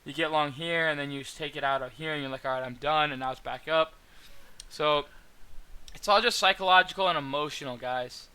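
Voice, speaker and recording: A man's voice: on the high side, a little fast, sharp tone, clean tone. A young man talking casually as a trading mentor, rambling through his trades with many fillers and restarts. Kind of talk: casual trade recap to viewers.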